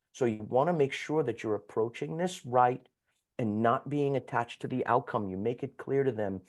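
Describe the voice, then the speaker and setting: A man speaking as a guest sales coach who talks fast, bluntly and with some swearing. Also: mid-range voice, a little mellow. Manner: fast-talking, blunt and profane.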